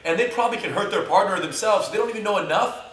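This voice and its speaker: A man who teaches jiu-jitsu and co-hosts, bantering casually with quick interjections and joking asides. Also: sits high, fairly bright tone. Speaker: jiu-jitsu instructor and co-host. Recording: roomy and distant mic, faint hiss.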